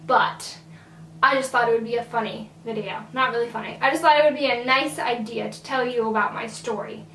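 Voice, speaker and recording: A woman's voice: on the high side, steady tone, a little fast, sharp tone, roomy sound, recorded from a distance, slight background noise, rough recording. A teenage girl from Virginia telling a casual storytime, chatty and full of "like.". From Virginia, USA. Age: teens. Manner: chatty, filler-heavy "like". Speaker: vlogger.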